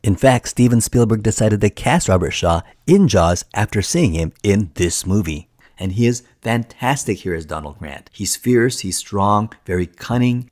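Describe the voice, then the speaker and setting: A man narrating a film documentary in a steady, enthusiastic storytelling manner. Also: fairly low pitch. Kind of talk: scripted narration.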